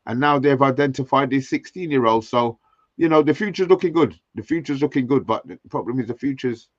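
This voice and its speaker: A man co-hosting a casual live stream who talks in a halting way, repeating words and saying "you know" often. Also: medium pitch, dry recording, muffled recording. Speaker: co-host.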